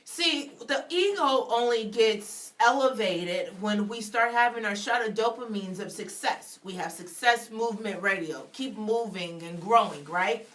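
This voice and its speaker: A woman's voice: medium pitch, lively intonation, a little slow, few pauses, fairly bright tone, a little hiss or hum. A woman author, a guest on a radio show, giving an emphatic faith testimony in a repetitive, preacher-like cadence and acting out the dialogue in her story. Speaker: author and public speaker, guest.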